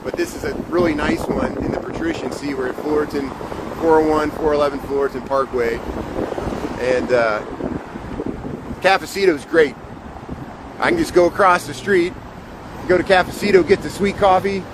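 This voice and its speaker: A man's voice: on the high side, moderate pace, pauses often. A man giving a casual walking tour of old apartment buildings, rambling and correcting himself as he talks. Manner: rambling, self-correcting, enthusiastic about buildings. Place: city street outdoors. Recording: wind noise and street traffic.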